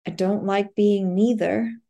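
A woman's voice: medium pitch, steady tone, slow, gravelly, dark tone. A woman reading the lines of a butch character who speaks hesitantly and self-consciously. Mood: uncertain. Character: butch first-person narrator, unsure and lonely.

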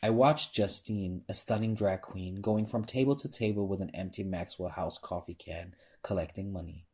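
A man reading a novel aloud in an unhurried, quiet way. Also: sits low, fairly even intonation, slightly rough. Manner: unhurried, quiet, restarts phrases. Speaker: narrator.

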